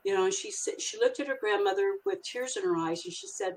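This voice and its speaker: An older woman, a grandmother and children's author appearing as a guest, tells a rambling story in a casual interview, full of fillers and restarts. Her voice is medium in pitch, moderately paced with hardly any pauses, and the audio is poor.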